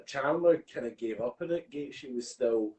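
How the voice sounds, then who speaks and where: A man's voice: medium pitch, unhurried, warm tone, low-quality recording. A Scottish man co-hosting a podcast in casual chat, swearing a lot and ranting with heat. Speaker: podcast co-host.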